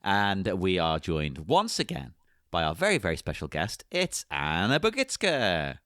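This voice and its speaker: A man's voice: sits low, huge pitch swings, unhurried, a bit bright, no echo, studio quality. A man co-hosting a podcast in casual chat, opening with a playful announcer delivery. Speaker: podcast co-host.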